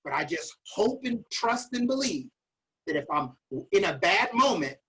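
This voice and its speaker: A man's voice: high voice, sing-song, moderate pace, sharp tone, low-quality recording. Emphatic man giving a motivational talk. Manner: emphatic, repeating key phrases like a preacher. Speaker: motivational speaker. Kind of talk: motivational master class talk. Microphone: video call.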